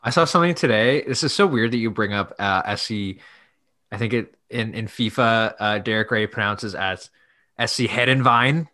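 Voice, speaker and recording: A man with a bright, forceful voice chats on a football podcast. He rambles off into silly side stories before he gets to his score prediction. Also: fairly low pitch, normal speed. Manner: rambling, goofy tangents. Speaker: podcast co-host. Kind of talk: casual sports chat.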